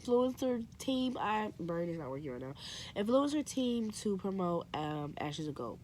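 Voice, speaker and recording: A young woman chatting casually to camera in a book vlog, excitable and full of "like" and "y'all". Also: mid-range voice, normal speed, slight background noise. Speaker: book vlogger.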